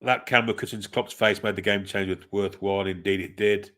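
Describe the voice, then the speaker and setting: A man's voice: fairly low pitch, steady tone, a little fast, a bit bright. Laid-back man calling a match. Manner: laid-back, chatty, wry. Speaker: watchalong host. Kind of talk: casual live match commentary, reading chat.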